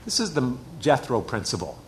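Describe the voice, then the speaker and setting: A man's voice: medium pitch, big pitch swings, normal speed, slight background noise. A middle-aged man preaching a sermon in a church, emphatic and repeating his key phrases. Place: church hall with a screen.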